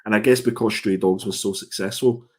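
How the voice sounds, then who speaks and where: A man's voice: fairly low pitch, steady tone, a little fast, darkish tone. A man co-hosting a casual comic review show, thoughtful and hesitant, often restarting his sentences. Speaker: co-host.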